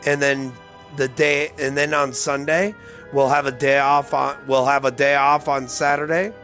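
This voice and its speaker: A man's voice: mid-range voice, flat delivery, normal speed, a bit bright, faint music behind. A man rambling loosely and profanely through casual gameplay commentary, tipsy and slightly slurring his words. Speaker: gaming streamer.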